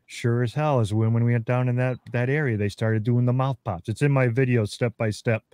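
Mid-pitched man in a dry recording. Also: steady tone, a little fast, a little mellow, no echo. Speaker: guest researcher. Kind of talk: casual interview chat.

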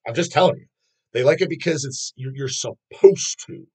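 Man, husky voice, middle pitch, channel host, casual rant, blunt, heavy swearing. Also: moderate pace, mellow, low-quality recording. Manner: blunt, profane, opinionated.

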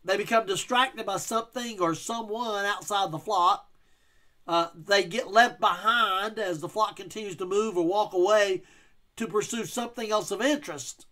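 A man's voice: sits high, moderate pace, sharp tone. Man preaching a teaching sermon. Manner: explanatory, reads scripture in King James wording, emphatic. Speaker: pastor.

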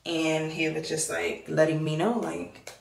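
A young woman with a Jamaican accent, chatting casually to her viewers, with a low, gravelly voice. She talks at an unhurried pace and acts out the voices in her story. The room around her is echoey. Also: flat delivery. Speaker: vlogger.

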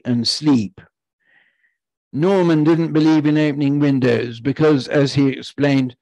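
A male lecturer reading a prepared literary talk in a measured, deliberate way. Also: mid-range voice, a little mellow, dry recording, rough recording.

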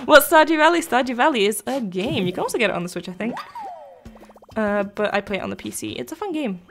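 A woman's voice: a little high, sing-song, brisk, pauses often, fairly bright tone, soft background music. Chatty woman streaming a game. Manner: rambling, chatty, laughs often, answers chat. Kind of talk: casual live-stream chat.

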